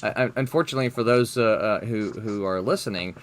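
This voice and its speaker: A man's voice: lowish voice, fast. A man hosting a casual livestream chat over a video call, laughing often and restarting his sentences. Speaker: host.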